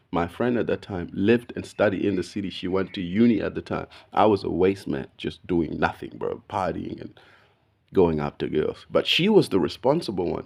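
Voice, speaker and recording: A man, telling a story in a casual, slangy, animated way, saying "bro" all the time. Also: sits low, gravelly. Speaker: video podcast host.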